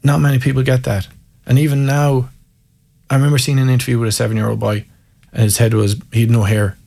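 A man's voice: mid-range voice, level tone, fast talker, gravelly, darkish tone. A man in his thirties with an Irish accent, a guest in an interview, telling candid, self-mocking stories. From Ireland. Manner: candid and self-mocking, laughs through anecdotes. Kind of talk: storytelling in an interview.

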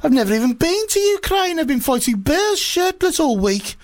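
A shrill, squawking Russian strongman, as a man puts him on for a comedy radio sketch. He blusters in a high, wildly swooping voice, protesting his innocence far too loudly. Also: sing-song, moderate pace. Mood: indignant. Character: blustering male Russian president, shrill and indignant.

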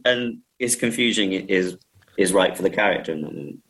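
A man's voice: low-pitched, lively intonation, fairly quick, a bit bright, poor audio. A man, a film director chatting in an interview, laughing often and restarting his sentences. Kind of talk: casual interview talk.

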